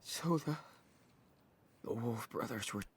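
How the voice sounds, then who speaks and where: A man's voice: mid-range voice, slow pace, breathy edge, no echo, clean studio sound. An actor voicing a tired teenage boy, a protective older brother, in a video game. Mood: storytelling. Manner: tired, plain-spoken, sings softly.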